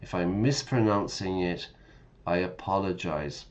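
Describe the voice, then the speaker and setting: A man's voice: low-pitched, unhurried. A man teaching English while streaming a game, chatting casually, correcting himself and explaining words as he goes.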